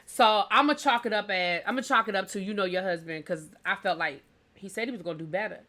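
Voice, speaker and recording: A woman's voice: medium pitch, fast, pushed and bright. A woman reviewing a TV episode for her channel, chatting animatedly and calling viewers baby and child. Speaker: TV show reviewer. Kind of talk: casual review chat.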